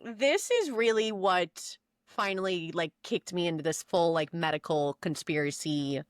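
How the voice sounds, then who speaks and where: A woman's voice: fairly low pitch, a little slow, dry recording, clean studio sound. A woman co-hosting a podcast, chatting casually and rambling through her own stories, often restarting her sentences. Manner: rambling storyteller, restarts and quotes herself. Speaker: podcast co-host. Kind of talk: casual chat.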